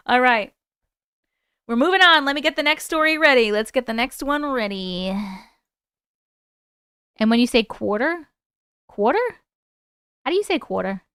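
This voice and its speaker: Casual New York woman host, higher voice. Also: lively intonation, measured pace, long pauses, sharp tone, clean tone, no room sound, clean studio sound. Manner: casual, swears freely, laughs often. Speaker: livestream host. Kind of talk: reading viewer stories and chatting live.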